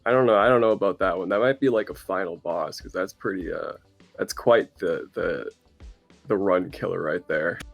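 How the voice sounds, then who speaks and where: A young man, an indie game developer, talking casually as an interview guest and pausing often with fillers and restarts. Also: sits low, creaky, soft background music. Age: young adult. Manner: hesitant, many fillers and restarts.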